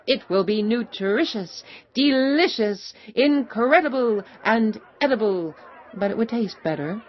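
A proud, cheery traveling cook, as a woman puts him on for an animated storybook, calling out his recipe in a showy, sing-song voice. He sounds high and loud. The recording is a little dull, with faint hiss behind it. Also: measured pace. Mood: boastful.

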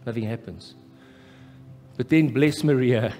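Impassioned South African pastor in a hall. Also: male voice, medium pitch, a little slow. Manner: impassioned, rising to loud emphatic peaks. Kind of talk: live sermon. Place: church hall, live. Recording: echoey church hall with faint music.

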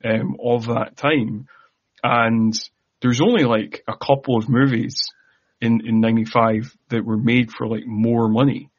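A man's voice: mid-range voice, steady tone, measured pace, slightly rough. A man co-hosting a podcast in casual chat, talking in a stammering way with many restarts, and quoting film budget facts. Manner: chatty, stammering restarts, laughs at own jokes. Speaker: podcast co-host. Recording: dull lo-fi sound.

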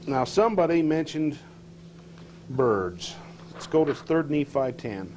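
A man's voice: a little high, expressive, slow pace, darkish tone, a little hiss or hum, poor audio. A man teaching a scripture class, questioning his listeners and reading verses aloud with rising emphasis.

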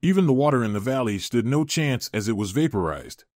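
A man reading fan fiction aloud in a steady, matter-of-fact way. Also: mid-range voice, brisk, no room sound, clean studio sound. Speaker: narrator.

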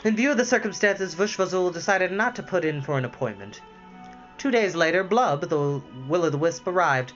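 A man reading a chapter book aloud in an animated way, his voice sitting a little high. He breaks off now and then for chatty asides. The sound is slightly dull. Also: normal speed, soft background music. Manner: lively, with asides and self-corrections. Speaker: storyteller.

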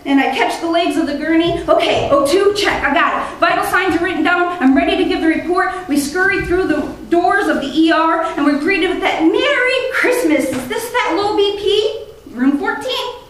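High-voiced woman in an echoing room. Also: a little fast, hardly any pauses, a little hiss or hum. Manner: intense, swinging between urgent and hushed. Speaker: open-mic performer. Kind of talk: dramatic first-person spoken-word storytelling. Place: open-mic venue. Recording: very echoey room, mic far off.

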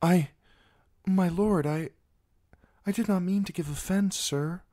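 A man voicing an earnest young highborn girl, soft and hesitant, in a storybook reading. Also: animated, moderate pace, dry recording, studio quality. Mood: anxious.

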